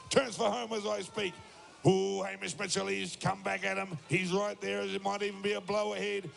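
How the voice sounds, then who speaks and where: Male commentator, high voice, heavy gravelly rasp, technical play-by-play. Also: a bit bright. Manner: detailed blow-by-blow technical calling. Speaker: shearing commentator. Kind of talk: live sport commentary.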